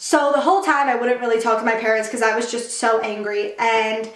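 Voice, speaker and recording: A young woman telling a storytime vlog in a chatty, animated way, acting out quotes and saying "like" a lot. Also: on the high side. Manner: chatty, quick, animated retelling with acted-out quotes and many "like" fillers. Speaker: YouTuber. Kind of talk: storytime vlog, casual chat. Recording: roomy echoey room.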